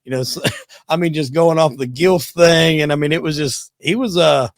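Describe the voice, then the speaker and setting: A man's voice: fairly high pitch, normal speed, vocal fry, no echo. Laid-back man in a dry room. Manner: laid-back, profane, rambling. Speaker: podcast host. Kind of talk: casual podcast chat.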